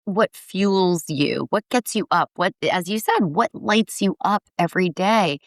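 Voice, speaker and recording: A woman's voice: on the low side, a little slow, dry recording, clean studio sound. A woman in her forties, a guest on a podcast interview, talking in an upbeat, earnest way. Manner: upbeat, earnest, acts out quotes brightly. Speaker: guest, foundation founder.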